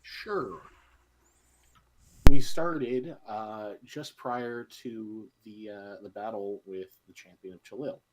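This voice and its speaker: Low-voiced man recapping with halting fillers. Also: fairly even intonation, very noisy. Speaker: player. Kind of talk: casual session recap.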